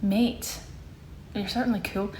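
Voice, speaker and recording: A Scottish livestream host in her twenties chats and rambles, catching and correcting herself as she reads comments. Her medium-pitched voice is a little slow and mellow with fairly even intonation, in an echoey room with slight background noise.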